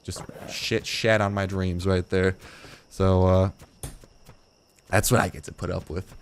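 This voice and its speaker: A man's voice: low-pitched, level tone, measured pace, a little hiss or hum. A late-teen man giving casual gameplay commentary as a video host, rambling, joking and swearing often. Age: late teens.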